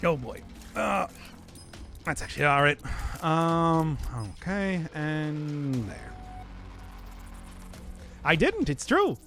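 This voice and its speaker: A man's voice: fairly high pitch, big pitch swings, slow pace, long pauses, fairly bright tone, soft background music. A male streamer in casual live-stream chat, reading viewer requests with wry, teasing banter.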